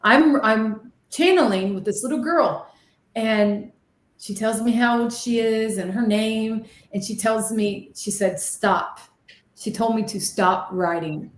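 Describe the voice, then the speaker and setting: A woman who is a medium and ghost hunter appears as an interview guest, excitedly telling her stories and dramatically acting out the voices she remembers. Her voice is fairly high and slow-paced, recorded in an echoey room.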